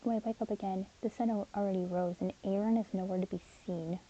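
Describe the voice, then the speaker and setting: A woman narrating a first-person audio story as a caring, protective young man named Caleb, in an earnest, steady manner. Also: medium pitch, fast, lo-fi sound. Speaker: narrator and voice actor.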